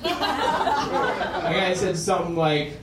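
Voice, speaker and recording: A man doing stand-up, telling a story in animated bursts that drop to quiet menace and rise to shouted punchlines. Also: high-pitched, slow, over a noisy crowd, heavy background noise. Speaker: stand-up comedian. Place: comedy club stage with audience laughing. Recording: roomy live club recording from far off.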